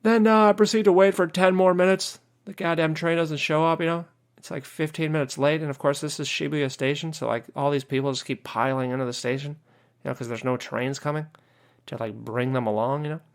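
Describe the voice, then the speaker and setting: A gravelly, fry-laced American man on a casual podcast rant, his voice sitting a little higher than most men's. He swears freely, leans on "you know" again and again, and sounds exasperated throughout. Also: steady tone, brisk. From United States. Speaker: podcast host.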